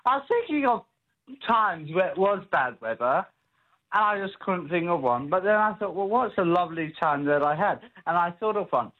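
Aussie guy on the phone, wry and polite, animated voice, dull lo-fi line. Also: high-pitched, moderate pace. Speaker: caller.

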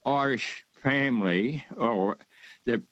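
A man's voice: mid-range voice, slow, a bit bright, no room sound, lo-fi sound. An older man, calling in to a radio talk show and rambling with many fillers and hesitations. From Australia. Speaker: radio caller. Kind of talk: casual phone-in chat.

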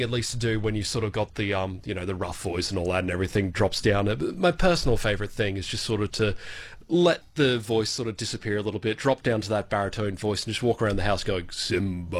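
A man's voice: lowish voice, fast. An Australian man reading local radio news and chatting afterwards, with a snuffly, congested voice from a head cold. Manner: relaxed, chatty. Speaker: newsreader.

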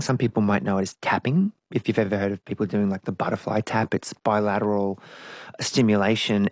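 A man's voice: mid-range voice, gravelly, darkish tone, no room sound. A middle-aged man, a guest musician, telling his story candidly in an interview and acting out his own past voices. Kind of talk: conversational interview.

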